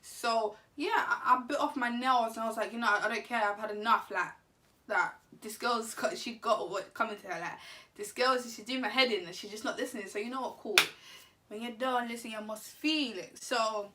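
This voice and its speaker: A woman tells a story in an animated, slangy way and laughs often. Her voice is bright and fairly high. She sits a little back from the mic. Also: normal speed, recorded from a distance. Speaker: vlogger. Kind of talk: casual storytime.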